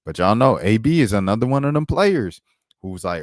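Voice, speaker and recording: A man's voice: mid-range voice, big pitch swings, normal speed, dry recording, clean studio sound. A man hosting a casual basketball commentary stream, slangy and laid-back, pulling up clips as he talks. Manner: slangy, laid-back, says bro and dog often; multitasking, pulling up clips while talking. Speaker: sports commentary host.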